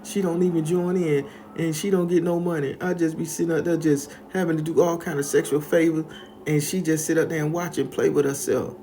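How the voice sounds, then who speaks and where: A man's voice: fairly high pitch, level tone, a little fast, mellow, slight background noise, voice pushed up, lightly acted. Brief: distressed young woman, tearful and pleading, voiced by a man telling a story. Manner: pleading, confessional.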